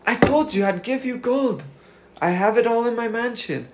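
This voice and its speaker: A man voicing a frightened rich man with a bag over his head, pleading in a high voice. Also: normal speed, echoey room, background noise. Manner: pleading, panicky.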